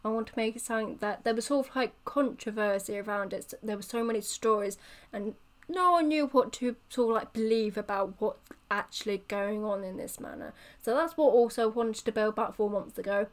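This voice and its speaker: A woman's voice: on the high side, fairly quick. Playful rambling woman narrating. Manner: rambling, playful, self-correcting. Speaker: channel creator. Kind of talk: casual storytelling voiceover.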